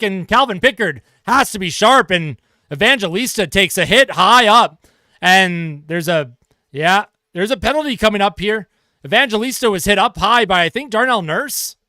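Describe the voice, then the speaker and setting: Bright-voiced excitable male hockey streamer. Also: high voice, no echo, studio quality. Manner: excitable play-by-play, chatting with viewers between calls. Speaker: livestream host and hockey fan commentator. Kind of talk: live fan play-by-play commentary.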